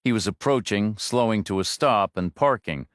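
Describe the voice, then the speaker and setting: Male narrator, low voice, dry studio sound, steady thriller reading. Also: moderate pace, clean tone, no echo. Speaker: audiobook narrator. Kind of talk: scripted narration. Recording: dry close studio read.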